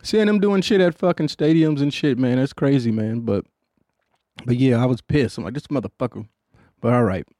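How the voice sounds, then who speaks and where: A man's voice: mid-range voice, normal speed, mellow, dry recording, clean studio sound. A middle-aged man hosting a podcast, telling stories in a rambling, profane, laid-back way with a Detroit accent. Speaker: podcast host. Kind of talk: casual storytelling chat.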